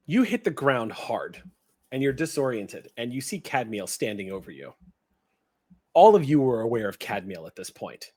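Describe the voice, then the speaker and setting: A man's voice: medium pitch, very animated, moderate pace, mellow, slightly rough. A man narrating a tabletop horror game as game master, vivid and easy to laugh.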